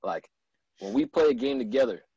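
A man's voice: mid-range voice, expressive, a little fast, vocal fry, mellow, slightly rough, dry recording, muffled recording. A man, a guest actor, chatting casually and telling stories with lots of fillers. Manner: laid-back storyteller, lots of fillers. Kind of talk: casual chat.

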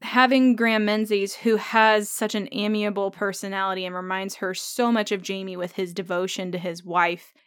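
A woman hosting a solo podcast, talking through her thoughts in a relaxed, conversational way. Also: medium pitch, moderate pace, hardly any pauses, smooth, no room sound, clean studio sound. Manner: thoughtful, conversational, thinking aloud with fillers. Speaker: podcast host. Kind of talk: solo podcast episode discussion.

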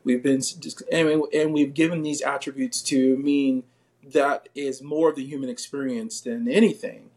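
A man speaks as a podcast guest in casual conversation. He sounds reflective, pausing and restarting as he searches for words, his pitch in the middle range. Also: steady tone, a little mellow.

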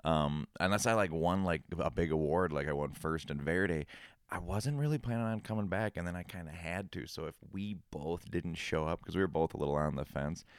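A young man with an extremely deep, smooth and resonant voice, talking in a relaxed, casual chat. He swears freely and laughs easily. The sound is dry and close, with no room echo. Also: fairly quick. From Minnesota. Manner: laid-back, swears freely, laughs often. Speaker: hot sauce maker.

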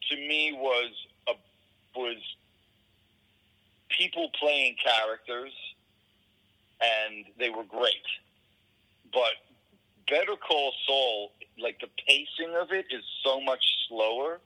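A man's voice: medium pitch, slow, pauses often, sharp tone, poor audio. A man talking as a guest in a casual conversation, swearing often and arguing emphatically. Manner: profane, emphatic ranting.

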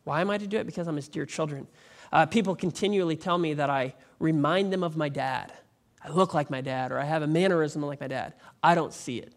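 Animated high-voiced male pastor preaching. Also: brisk. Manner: animated, rising to emphatic near-shouting peaks; conversational preaching with repeated restarts. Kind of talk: sermon.

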